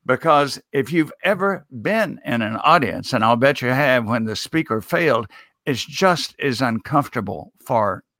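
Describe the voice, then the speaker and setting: A man's voice: mid-range voice, bright, forceful tone, no echo, studio quality. A man who works as a speech coach, answering interview questions in a folksy, emphatic way with the odd chuckle. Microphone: video call.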